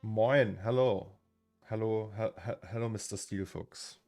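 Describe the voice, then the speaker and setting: A man's voice: on the low side, steady tone, a little slow, gravelly, a little mellow. A man in his thirties from Germany, chatting casually on a live stream, rambling and reading out chat names with frequent chuckles. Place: home studio. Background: faint music.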